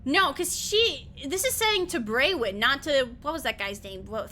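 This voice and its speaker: A woman's voice: high voice, lively intonation, brisk, bright, forceful tone, a little hiss or hum. A young woman streamer giving chatty, giggly game commentary, swearing freely.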